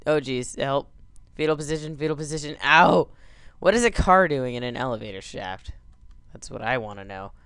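Male let's-play commentator, silly and jokey, with a smooth, creaky voice. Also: medium pitch, lively intonation, normal speed, fairly bright tone, no echo, studio quality. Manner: goofy, yelping over the game's crashes. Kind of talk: gameplay commentary.

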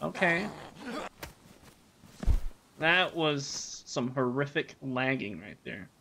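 A man's voice: mid-range voice, animated, slow pace, gravelly, background noise. A man from the United States, a game streamer chatting casually with his live chat while he plays, joking and rambling.

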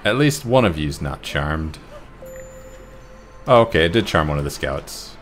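A man's voice: very deep voice, very animated, unhurried. A man casually commentating a strategy game he is playing, muttering to himself in a wry, self-mocking way, with faint game music and keyboard typing behind him. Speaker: gameplay commentator. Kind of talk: casual let's-play commentary.

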